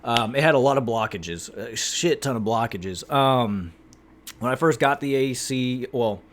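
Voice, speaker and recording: An American man chats to his viewers in a loose, rambling vlog style. He fills pauses with ums and uhs and drifts between topics casually. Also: medium pitch, slight background noise. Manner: rambling, chatty, many fillers. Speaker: YouTuber. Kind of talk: casual vlog talk to camera.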